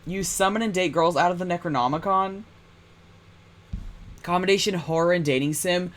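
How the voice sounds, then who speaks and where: A man streaming a game, reacting with excitable, swearing casual commentary. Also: sits high, moderate pace. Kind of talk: casual game commentary while reading aloud.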